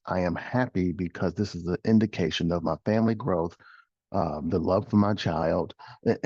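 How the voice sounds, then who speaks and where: A middle-aged man with a low, husky voice gives a motivational coaching talk. He is emphatic, repeats his phrases and asks rhetorical questions. The studio recording is dry and a little dull. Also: darkish tone, dry recording. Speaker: host and life coach.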